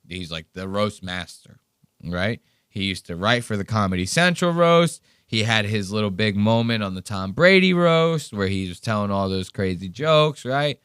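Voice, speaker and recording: A man's voice: on the low side, clear, resonant tone, dry recording, studio quality. A man hosting a podcast, giving casual, profane and sarcastic commentary on comedy clips. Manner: profane, sarcastic, animated storytelling. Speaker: podcast host.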